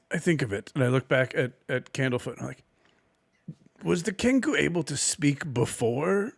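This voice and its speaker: Creaky, lively-voiced man in tabletop play. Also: on the high side, moderate pace. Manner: dry, exasperated, stammering restarts. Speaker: tabletop player.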